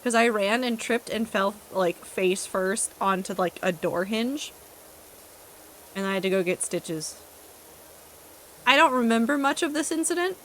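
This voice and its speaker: A woman's voice: mid-range voice, animated, unhurried, long pauses, fairly bright tone. Young woman chatting w her stream chat, rambly, laughs at herself, bit of faint background noise. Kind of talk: casual chat reading live chat while gaming.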